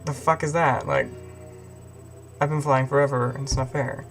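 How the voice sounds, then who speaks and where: A man's voice: mid-range voice, fairly even intonation, normal speed, a bit bright, soft background music, natural voice. A man voicing a snobby, whiny schoolboy bully. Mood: sore.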